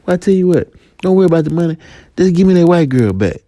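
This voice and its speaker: A man's voice: a little high, animated, fast talker, dark tone, no room sound, pitched above the performer's own voice, close to an everyday voice. A man voicing a pushy male drug dealer who repeats his demands in a raised, insistent voice. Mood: demanding.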